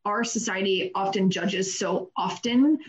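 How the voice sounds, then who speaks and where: A woman's voice: mid-range voice, measured pace. A middle-aged woman who leads a real estate team, talking candidly and earnestly in an interview, full of "like" and "you know". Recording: dull lo-fi sound.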